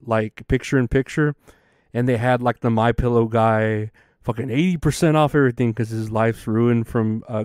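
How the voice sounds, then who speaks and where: Young dude podcast host just rambling, swears a lot, laughs, smooth voice, mid pitch. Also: male voice, darkish tone, no echo, studio quality. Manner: rambling and profane, laughs often. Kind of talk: casual solo podcast rant.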